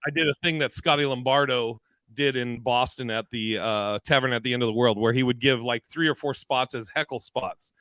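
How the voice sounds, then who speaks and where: A man hosting a casual video-call chat among comedians, telling animated stories and acting out the voices in them. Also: medium pitch, brisk, hardly any pauses, no echo. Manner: animated storyteller, acts out voices in anecdotes. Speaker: podcast host.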